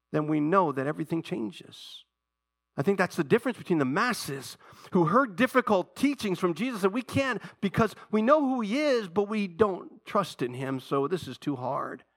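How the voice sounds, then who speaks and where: A man preaching a sermon, telling a story from an old TV show in a conversational way and pausing to ask his congregation questions. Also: sits high, fairly bright tone, no room sound, clean studio sound. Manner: conversational storytelling, retells a TV episode with asides to the congregation. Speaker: pastor.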